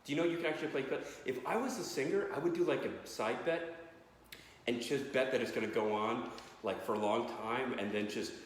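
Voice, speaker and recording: A young man doing a rambling, excitable stand-up set in his parents' living room. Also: mid-range voice, fairly quick, heavy reverb, long reverb tail, slight background noise. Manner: rambling, self-interrupting and excitable. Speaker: stand-up comedian.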